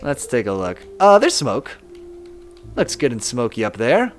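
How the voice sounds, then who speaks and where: A young man with a mid-range, sing-song voice streams a game unhurriedly over soft background music. He chats casually with viewers, reads their chat aloud, laughs often and pokes fun at himself.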